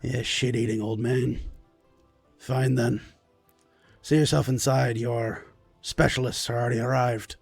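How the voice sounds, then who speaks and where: A cheeky young dwarf gatekeeper with a mocking, sly way of talking, voiced by a man. His voice is mid-pitched and close, with faint music in the background. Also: level tone, a little slow, vocal fry, long pauses, husky, no room sound. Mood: teasing.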